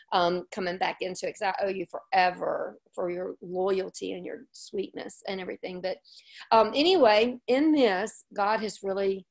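A woman hosting a casual Christian women's ministry chat, effusive and encouraging, with rambling restarts and warm laughs. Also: medium pitch.

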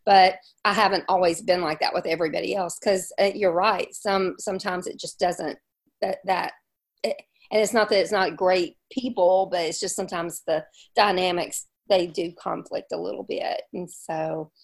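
A woman's voice: on the low side, steady tone, normal speed, gravelly. A woman chats casually as a podcast guest. She is friendly and talkative, and she laughs easily between her thoughts. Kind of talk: casual chat.

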